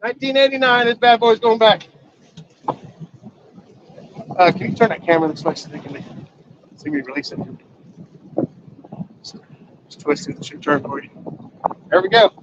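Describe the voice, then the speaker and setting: A high-voiced man chats casually to his live audience from a fishing boat on the river. He is folksy and excitable, quick to whoop. The sound is dull and lo-fi, with a faint hum of boat and water behind him. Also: vocal fry. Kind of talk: casual live-stream chat. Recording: lo-fi outdoor stream with boat noise.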